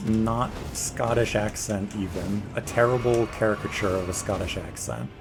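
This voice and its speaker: A man's voice: lowish voice, animated, a little slow. A man giving casual, jokey let's play commentary, talking to the boss as he fights it. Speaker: gaming video creator. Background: game music.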